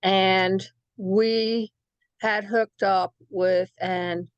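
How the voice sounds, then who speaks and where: A woman's voice: medium pitch, steady tone, drawn-out words, smooth, no echo, lo-fi sound. An older woman, a show guest, telling her story of caring for her husband in a plainspoken, wry way. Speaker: guest caregiver. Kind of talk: personal story on a talk show.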